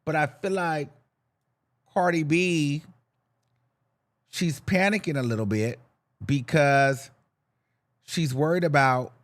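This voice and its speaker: A young podcast host talks to himself about celebrity gossip in a sassy, campy, animated way, dropping campy slang. His voice is a little high, and he goes slowly, pausing often.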